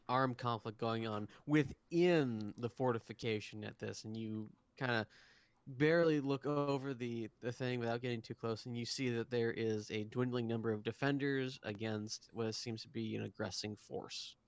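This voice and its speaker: Male game master, resonant and clear, halting narration full of pauses. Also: mid-range voice, no echo. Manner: hesitant, many ums and restarts.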